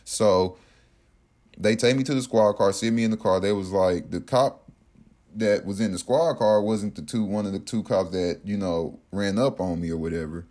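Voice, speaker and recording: A man casually telling a personal story in an animated, profane way, acting out what others said. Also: on the low side, moderate pace. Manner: animated, profane, acts out quotes.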